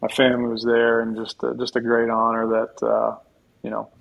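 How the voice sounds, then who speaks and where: A man's voice: medium pitch, monotone, normal speed, vocal fry, fairly bright tone, poor audio. A man in his forties, a podcast guest and former football player, telling stories in a chatty, humble way full of restarts. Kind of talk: casual storytelling in a podcast interview.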